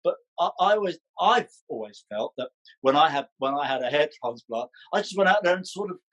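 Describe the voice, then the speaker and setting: Brief: male guest, husky, playful storyteller, fairly high voice. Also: a little fast, lo-fi sound. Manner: chatty, animated storyteller, playful. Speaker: podcast guest, ballroom dancer. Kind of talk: casual chat.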